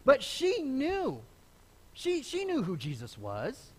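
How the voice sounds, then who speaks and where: Man, pastor, sermon, middle-aged, high voice, very lively pitch, conversational, acts out quotes. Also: a little slow, pauses often, husky. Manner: lively, conversational preaching with repeated starts and acted quotes. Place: church sanctuary.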